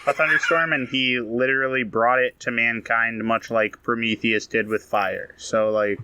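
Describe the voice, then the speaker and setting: A man's voice: mid-range voice, steady tone, normal speed, bright, forceful tone, a little hiss or hum. A man co-hosting a comedy podcast, telling a story in a mock-serious way with many hesitations. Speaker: podcast co-host.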